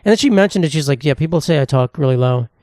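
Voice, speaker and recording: A man's voice: fairly high pitch, lively intonation, very fast, warm tone, dry recording, studio quality. A man in his twenties hosting a solo podcast, rambling with crude, self-mocking humor. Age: 20s. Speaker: podcast host. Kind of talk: casual solo podcast monologue. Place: indoor room, at a table.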